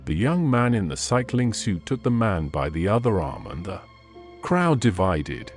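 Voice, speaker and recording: A man reading a classic short story aloud as an audiobook narrator, measured and expressive. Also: on the low side, soft background music.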